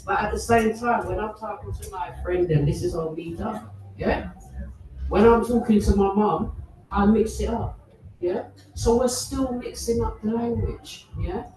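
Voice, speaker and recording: A woman in her sixties, born and raised in England, speaking up from the audience at a panel, often tagging her points with questions. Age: 60s. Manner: tag questions, lively rises in pitch. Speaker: audience member. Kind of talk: animated audience comment. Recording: echoey room, far from the mic, audible noise.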